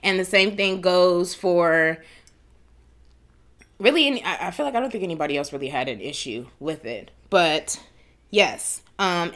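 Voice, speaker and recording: A woman hosting a casual live Q&A at home, giving direct, chatty advice. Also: fairly bright tone. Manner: chatty, direct, acts out quoted people in higher voices. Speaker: wedding planning host.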